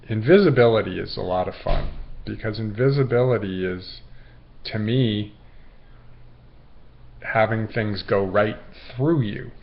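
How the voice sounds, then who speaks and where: A man's voice: lowish voice, gravelly, lo-fi sound. Rambling, self-amused male host. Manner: rambling, laughs at his own stories, acts out quotes. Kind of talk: casual monologue with anecdotes.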